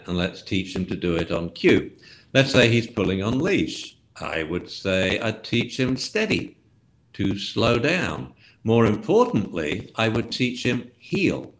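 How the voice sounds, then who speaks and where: A man, a dog trainer guest, explaining methods lively and acting out commands in different tones. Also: on the low side. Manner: lively, acts out commands with shifts of tone. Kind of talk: explanatory interview talk.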